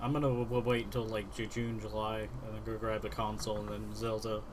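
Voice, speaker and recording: A man co-hosting a podcast in casual chat, speaking haltingly and stumbling over words. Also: on the low side, level tone, background noise. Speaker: podcast co-host.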